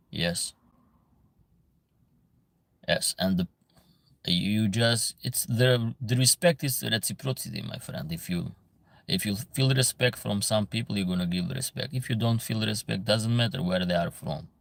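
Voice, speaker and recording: Man, low voice, gravelly, earnest, lecturing, broken English, livestream chat. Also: a little slow, pauses often, no echo. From Albania. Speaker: livestream host reading chat.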